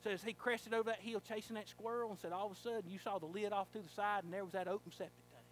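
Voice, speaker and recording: A male pastor preaching a sermon in a church, telling a folksy story and rising to fervent shouting. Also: high voice, fairly even intonation, quick pace, slight background noise. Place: church sanctuary.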